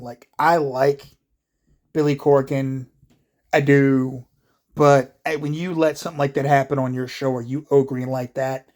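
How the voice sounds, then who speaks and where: Medium in pitch and darkish in tone, a man rants casually to the camera about wrestling. He curses, sounds fed up, and wanders from point to point with lots of filler words.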